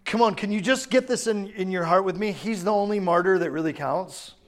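Here a man with a high voice preaches fairly quickly, keeping things conversational. Again and again he asks the crowd whether they're understanding.

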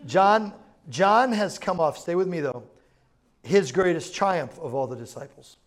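A man's voice: a little high, lively intonation, measured pace. A man preaching a sermon in a chatty, informal way, full of asides to the congregation. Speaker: pastor. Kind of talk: conversational sermon.

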